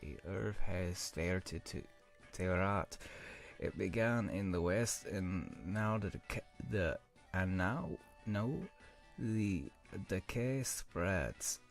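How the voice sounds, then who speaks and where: A man voicing gruff male dwarf villagers in a vague put-on accent, reading the game text aloud and stumbling. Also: medium pitch, lively intonation, slow pace, long pauses, soft background music, pitched above the performer's own voice. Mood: solemn.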